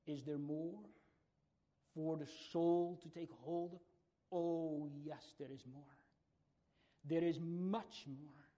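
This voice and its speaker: A man with a fairly high yet dark voice preaches slowly and steadily, with long pauses. His fervent sermon to the congregation builds into emphatic raised passages, repeating key phrases.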